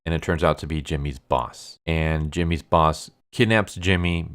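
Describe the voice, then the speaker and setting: A man's voice: extremely low pitch, steady tone, moderate pace, fairly bright tone, smooth. A man casually retelling a story, loose and chatty, with lots of filler words. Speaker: manga recap narrator.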